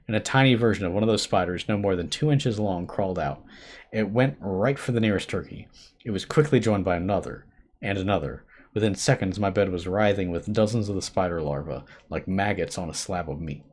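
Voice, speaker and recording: A man hosting a live stream, reading a horror story aloud with expressive shifts between hushed and urgent delivery. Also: low voice. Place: home streaming setup.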